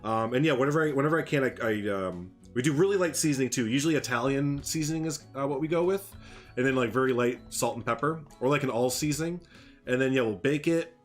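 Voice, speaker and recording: A man's voice: mid-range voice, quick pace, soft background music. A man live-streaming a game, chatting casually with his viewers in a rambling, jokey way and laughing often.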